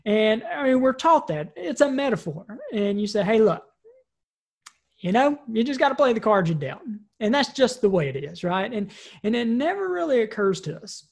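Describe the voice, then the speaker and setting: A woman's voice: mid-range voice, vocal fry, darkish tone, breathy edge. Woman, personal development trainer, loose conversational delivery, repeats and restarts phrases. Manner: conversational, frequent "right?" tag questions; repeats and restarts words while thinking. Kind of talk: recorded training talk.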